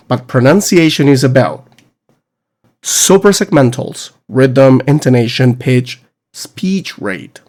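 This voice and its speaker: A man's voice: a little high, darkish tone. A man hosting an educational podcast, talking on his own with an emphatic, teacherly delivery full of rhetorical questions. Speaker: podcast host. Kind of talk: solo educational podcast monologue.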